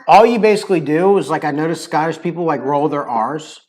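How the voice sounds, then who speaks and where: Rambling American man, slightly high voice. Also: fairly quick, a little mellow. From United States. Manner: rambling, many "like" fillers, playful accent imitations. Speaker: cooking livestream host. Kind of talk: casual chat.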